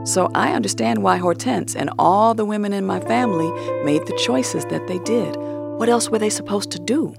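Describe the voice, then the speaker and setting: A woman's voice: medium pitch, normal speed, creaky, music in the background. A woman recounting a personal story in a blunt, matter-of-fact way.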